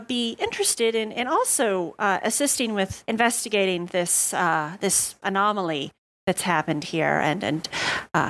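A woman's voice: on the high side, fairly bright tone. A woman player in a tabletop game, talking hesitantly with many ums and restarts. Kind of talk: casual tabletop role-play.

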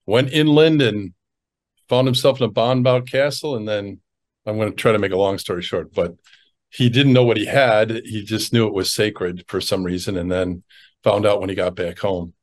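A man's voice: fairly low pitch, normal speed. A man with a Wisconsin accent, a priest co-hosting a podcast, who talks in a chatty, anecdotal way. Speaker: priest and co-host. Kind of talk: casual podcast chat.

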